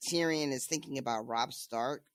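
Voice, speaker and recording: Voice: mid-range voice, moderate pace, no echo. A podcast co-host casually recapping book chapters, laughing often.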